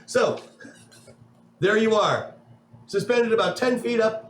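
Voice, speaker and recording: A man's voice: high voice, expressive, slow pace, roomy sound, a little hiss or hum, low-quality recording. A man narrating a tabletop game as game master in a playful, rambling way.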